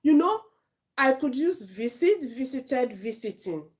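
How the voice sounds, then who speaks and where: A woman with a Nigerian accent giving an informal spoken lesson as an IELTS tutor, chatty and animated, often correcting herself mid-sentence. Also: high-pitched, measured pace, breathy edge.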